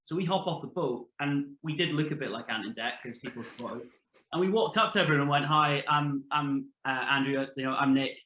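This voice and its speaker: Bright-voiced man telling anecdotes. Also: on the high side, brisk, reverberant, low-quality recording. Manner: chatty, anecdotal, swears casually. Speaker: podcast guest, former reality show contestant. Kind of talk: casual storytelling chat.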